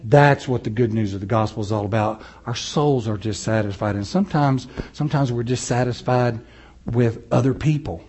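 A man preaching a sermon, moving between loud, rising passages and low, slow, soft ones, chuckling often. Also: slightly rough. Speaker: pastor.

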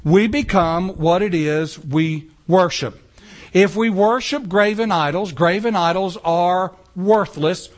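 A man preaching a sermon in church, animated, with casual asides and rhetorical questions to the congregation. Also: high voice, slow. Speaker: pastor. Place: church sanctuary.

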